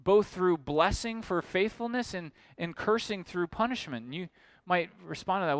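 A man pastor delivering an expository sermon with earnest conviction, his voice sitting a little high for a man. He builds toward emphatic, pressing questions. The sound is dry and close, with little room around it. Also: lively intonation, normal speed, few pauses, no room sound.

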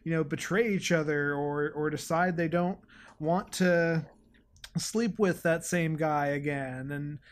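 A man's voice: fairly high pitch, fairly even intonation, unhurried, slight background noise. A man co-hosting a podcast in casual chat, sarcastic and often stammering and restarting his words. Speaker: podcast co-host.

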